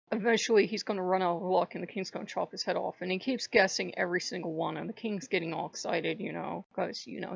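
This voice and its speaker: Gravelly-voiced woman telling a rambling story. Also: mid-range voice, no room sound. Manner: rambling, animated storytelling with frequent laughs. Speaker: channel host. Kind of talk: casual spiritual vlog monologue. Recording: dull lo-fi dry recording.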